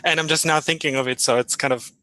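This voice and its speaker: A man with a German accent chatting on a podcast panel, his voice bright and fairly high. He talks loosely, circling back and restarting his sentences. The sound is close and dry, with no room around it. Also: steady tone, fast talker, no room sound. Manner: chatty, many fillers and restarts. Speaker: podcast co-host. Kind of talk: casual panel chat.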